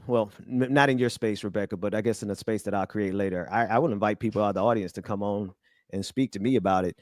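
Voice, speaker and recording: A man's voice: on the low side, fast talker, dry recording, clean studio sound. A man hosting a casual political chat, laughing often, then earnest and rallying. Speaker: host.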